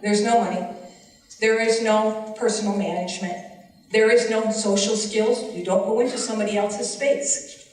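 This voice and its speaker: A woman's voice: medium pitch, steady tone, moderate pace, darkish tone. A woman who teaches special education, giving earnest, impassioned public testimony at a legislative forum. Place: large hearing room. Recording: echoey hall from far off.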